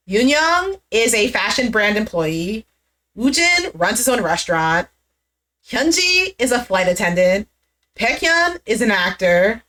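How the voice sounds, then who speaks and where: A woman's voice: a little high, bright, forceful tone. A woman chatting casually as she recaps a reality dating show, acting out what people said and swearing now and then.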